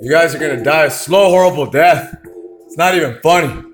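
A man's voice: on the high side, fairly quick, faint music behind. A man ranting on a live stream podcast, agitated and profane, speaking erratically. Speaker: livestream podcaster. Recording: roomy echo.

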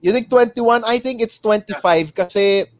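A man's voice: high-pitched, normal speed, no echo. A man with a Filipino accent in his thirties, hosting a casual podcast chat and swearing freely. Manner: swearing, switching between English and Tagalog. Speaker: podcast host.

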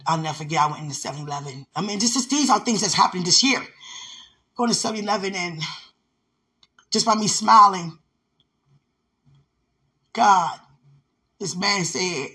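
A man's voice: high-pitched, moderate pace, pauses often, sharp tone, breathy edge. A man speaking lovingly and devotionally to his fiancé, rambling and laughing often, at home. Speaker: vlogger. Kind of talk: casual devotional talk to a fiancé. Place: home by a window.

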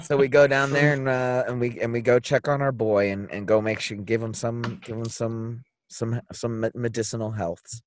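A man playing a tabletop role-playing game, shouting and laughing in character. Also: medium pitch, steady tone, moderate pace, few pauses, slight background noise. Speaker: player.

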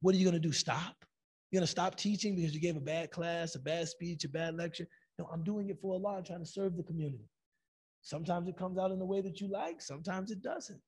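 High-voiced male lecturer, gravelly and husky, animated storyteller. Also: quick pace. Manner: animated storytelling, acts out quotes. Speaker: Islamic lecturer. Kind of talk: lecture with stories.

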